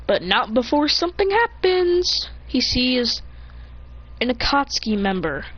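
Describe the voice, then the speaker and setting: A young speaker improvises a rambling fan story, voice sitting a bit high and leaping around in pitch. It comes through a slightly muffled chat mic with a faint hiss behind it, recorded at home while gaming. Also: unhurried, dry recording. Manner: rambling, animated, jumps into character voices.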